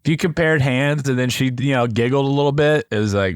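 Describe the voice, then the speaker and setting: A young man co-hosting a podcast over a video call, his voice dry and raspy from being sick, telling jokey stories in a casual chat. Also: medium pitch, quick pace, no room sound. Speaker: podcast co-host. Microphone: earbuds with a mic on a video call.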